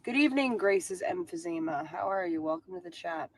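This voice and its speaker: A woman's voice: lowish voice, lively intonation, a little fast, slight background noise. A woman chatting on a casual livestream, greeting viewers and reading their comments aloud.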